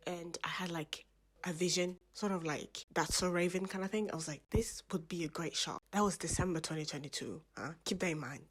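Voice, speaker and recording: A young woman chatting to camera in a casual vlog, rambling and self-mocking, often dropping into soft half-whispered asides. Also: low-pitched. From family from Gambia, French-speaking background. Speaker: vlogger.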